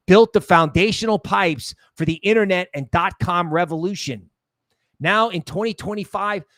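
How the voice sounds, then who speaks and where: Casting: male livestream host, a bit high-pitched, rambling and jokey, dry close sound. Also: a bit bright, no echo. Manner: rambling, jokey, trails off into low asides. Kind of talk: casual livestream commentary.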